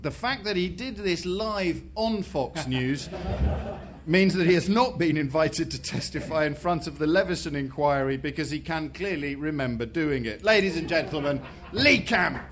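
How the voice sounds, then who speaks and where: A man's voice: a little high, animated, moderate pace, noisy background. A man hosting a comedy panel show, reading upbeat introductions of the guests. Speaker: host.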